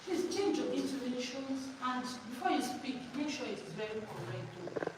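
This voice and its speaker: A woman with a high voice and lively intonation speaks at normal speed, heard from a distant mic in a noisy, echoing hall. She's running a teacher training workshop, using call-and-response to drill the room and get listeners to finish what she says.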